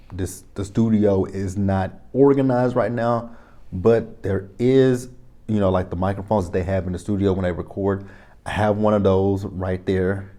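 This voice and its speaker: A man's voice: low voice, mellow. A man, reviewing a reality show in a casual, rambling vlog from his home studio. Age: 30s. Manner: rambling, self-correcting, retells conversations.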